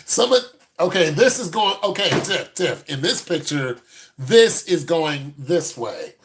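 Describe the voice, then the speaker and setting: A man giving a casual, joking critique with animated, mock-preachy asides. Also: a little high, takes it slowly. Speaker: dating and style commentator.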